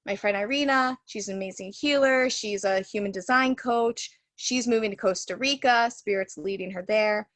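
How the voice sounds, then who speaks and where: She is a woman who teaches Reiki and speaks on a webinar from home through a video call. Her talk is loose and chatty, peppered with "like" and "you know." The sound is close and dry, at an ordinary middle pitch. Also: normal speed, hardly any pauses, fairly bright tone, no room sound. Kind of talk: casual storytelling in a webinar.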